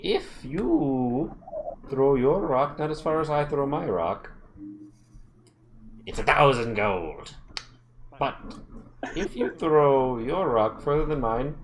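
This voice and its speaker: A gruff dwarf chieftain, put on by a man running a tabletop game, slow, loud and full of swagger. He growls his words in a drawn-out, pirate-like way. The voice sits a little higher than a deep bass. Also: expressive, a little hiss or hum. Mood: proclaiming.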